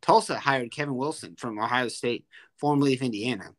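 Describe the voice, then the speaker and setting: A man's voice: medium pitch, fairly quick, a bit bright. A young man co-hosting a casual sports podcast, ranting heatedly and swearing freely. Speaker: podcast co-host.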